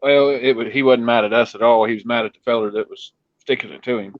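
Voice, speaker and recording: Easygoing guy hosting a chat, dry flat sound, kinda muffled. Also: medium pitch, quick pace, dry recording. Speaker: host. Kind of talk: casual call-in chat.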